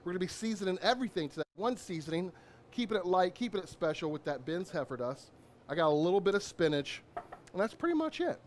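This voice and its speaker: Male chef, upbeat and chatty, high-pitched, cooking demo host. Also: big pitch swings, fast talker, slight background noise. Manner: upbeat, chatty, lots of shout-outs.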